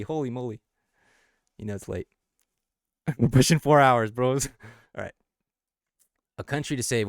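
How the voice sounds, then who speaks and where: A man's voice: fairly low pitch, no room sound, clean studio sound. A man on a casual late-night livestream, thinking aloud as he explains the lyrics of his own song. He restarts and corrects himself often and laughs easily between thoughts.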